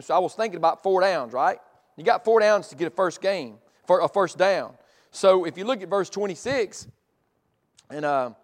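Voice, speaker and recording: A man preaching a sermon, reading scripture aloud and explaining it with lively football talk. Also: high voice. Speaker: pastor.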